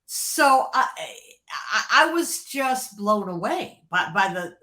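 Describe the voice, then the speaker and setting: Taking things slowly in a mid-range voice, a woman, formerly a creative executive at a record label, tells stories with lively excitement in a podcast interview. She laughs often, repeats words, restarts her sentences, and her volume rises and falls between hushed and loud.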